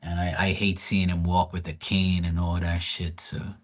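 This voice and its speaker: Low-voiced man rambling through grief. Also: little pitch movement, normal speed. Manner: rambling, profane, restarts often. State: grieving. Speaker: tarot reader streamer. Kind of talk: casual livestream talk.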